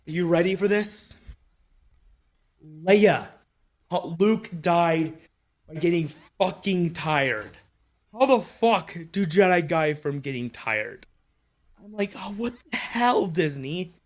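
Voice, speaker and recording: A man's voice: on the high side, lively intonation, slow, long pauses. Ranting man, profane and mocking. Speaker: commentator. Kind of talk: ranting commentary. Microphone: phone.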